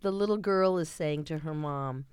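A woman's voice: low voice, normal speed, a little mellow, clear, resonant tone, dry recording. A woman casually reading comic strips aloud, correcting herself as she goes. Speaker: comics reader.

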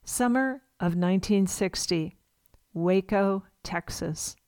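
A woman in her sixties reads her own memoir aloud for a radio reading service, her pace measured and her telling expressive. Her voice sits at an ordinary middle pitch, and the recording is close and dry with no room sound. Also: smooth, dry recording. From California.

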